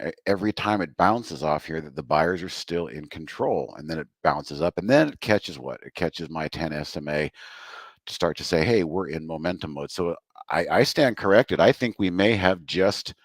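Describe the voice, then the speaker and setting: A very low-pitched man talks through stock charts in a live trading room, slightly out of breath from hurrying back to his desk. His delivery is casual and chatty, thinking aloud as he points things out. The sound is dry and close, with no room echo. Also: lively intonation, moderate pace. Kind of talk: live market commentary. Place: home desk.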